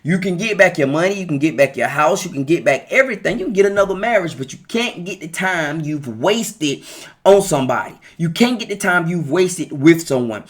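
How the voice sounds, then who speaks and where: A middle-aged man giving relationship advice in a casual, preachy live talk, repeating his points with emphasis and speaking straight to his viewers. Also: sits high. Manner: preachy, emphatic, repeats key lines, talks to viewers directly.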